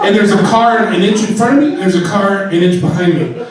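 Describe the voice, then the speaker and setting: High-voiced man telling a story on stage. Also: fairly quick, a crowd in the background. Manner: animated, laughing through his lines, acting out his panic. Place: live venue with audience. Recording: booming echoey hall from far off with audience.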